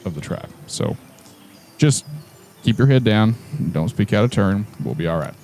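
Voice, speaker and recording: A man's voice: lowish voice, expressive, moderate pace, darkish tone, a little hiss or hum. A man playing a tribal leader in a tabletop game, speaking earnestly with lots of hesitant fillers. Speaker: player. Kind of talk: in-character tabletop role-play.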